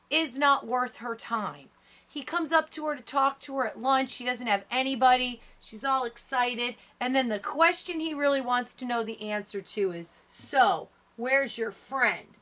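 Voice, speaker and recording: A woman's voice: fairly high pitch, a bit bright. A woman reading a middle-grade novel aloud. She stops now and then to explain and sum up, and she lifts her voice for the characters' lines.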